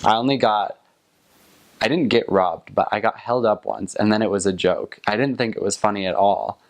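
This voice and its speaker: A man's voice: fairly low pitch, moderate pace. A young man in his twenties, a returned missionary, giving casual, plain-spoken advice and recollections.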